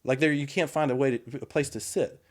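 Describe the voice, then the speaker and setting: Middle-aged male guest, earnest storyteller, mid-pitched, restarts and quiet asides. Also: steady tone, a little fast. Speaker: podcast guest. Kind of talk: storytelling in casual conversation.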